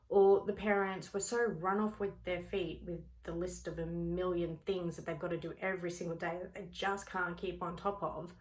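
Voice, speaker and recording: A woman who is a parent and works with clients, giving a motivational teaching talk and acting out everyday scenes as she explains. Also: fairly low pitch. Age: adult parent. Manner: expressive, acts out everyday scenes. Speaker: speaker on personal growth, works with clients.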